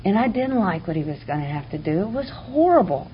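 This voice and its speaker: A woman's voice: lowish voice, big pitch swings, a little fast, hardly any pauses. A woman giving a candid, heartfelt personal testimony to a recovery meeting audience, with touches of wry humor. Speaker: speaker sharing her recovery story. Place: meeting room before a live audience. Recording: muffled lo-fi recording, faint hiss.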